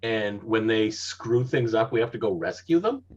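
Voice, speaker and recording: A man with a husky, lowish voice plays in a tabletop game. His remarks are dry and teasing. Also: expressive, normal speed, highs cut off. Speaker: player.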